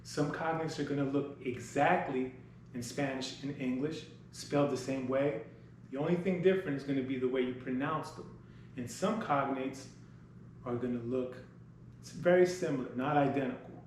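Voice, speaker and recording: A man's voice: mid-range voice, a little mellow, distant mic, slight background noise. Man teaching in an echoey classroom. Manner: patient, explains step by step, sounds words out slowly. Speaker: Spanish teacher. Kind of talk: classroom demo lesson. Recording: very echoey classroom, from the mic, music behind.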